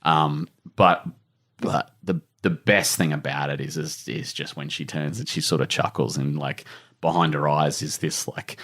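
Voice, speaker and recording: A man's voice: a bass voice, normal speed, fairly bright tone. An Australian man in his forties, a guest on a podcast, talking earnestly and rambling with lots of fillers. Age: 40s. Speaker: author guest. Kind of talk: emotional podcast interview.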